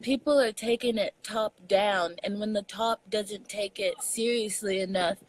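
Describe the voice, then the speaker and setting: A young adult woman from Texas with a Southern accent, chatting casually as a comedian guest, animated and laughing often. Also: mid-range voice, unhurried, poor audio. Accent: Southern US, Texan. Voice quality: animated storyteller, laughs often, mixes in slang. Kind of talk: casual chat.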